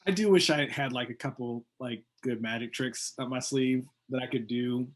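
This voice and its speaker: A man's voice: medium pitch, moderate pace. A man co-hosting a casual comedy podcast, rambling and acting out silly scenes. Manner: rambling, puts on silly voices for jokes. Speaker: podcast co-host. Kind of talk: casual chat.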